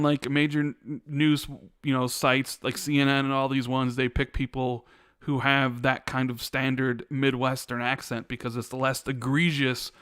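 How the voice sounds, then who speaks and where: A man's voice: mid-range voice, a bit bright, clear, resonant tone, no echo, studio quality. A man with a Chicago accent co-hosting a casual podcast, rambling and reading viewer questions aloud. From Chicago, USA. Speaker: podcast co-host.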